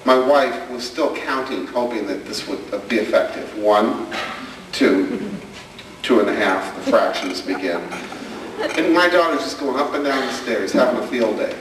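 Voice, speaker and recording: Medium in pitch and lively in intonation, a man speaks at a normal speed amid background noise. He's a comedian and speaker telling family stories and impersonating the people in them, filmed on a distant camcorder from the audience of a large hall.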